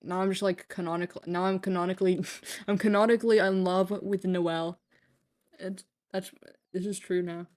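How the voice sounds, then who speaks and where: A game streamer rambling through a late-night live session, cracking jokes and laughing at their own bits. Talks loosely to chat, in a mid-pitched, everyday voice. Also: little pitch movement, normal speed, darkish tone. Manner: joking, rambling, laughs often.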